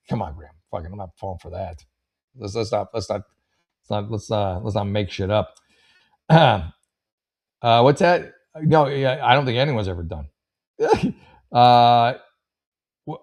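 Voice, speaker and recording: A man's voice: lowish voice, darkish tone. A man hosting a comedy show, reading letters aloud and riffing with rambling, wry asides. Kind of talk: casual comedic commentary.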